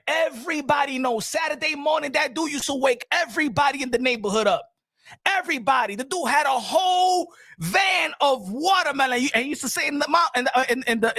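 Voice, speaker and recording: A man hosting a boxing livestream, loud and joking, switching between languages while reading super chats. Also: extremely high pitch, animated, brisk, no room sound, clean studio sound. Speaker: boxing show host.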